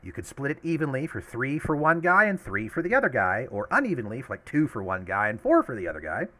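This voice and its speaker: A man's voice: medium pitch, wildly swooping pitch, quick pace, sharp tone. A man running a tabletop game as game master, explaining rules and laughing often.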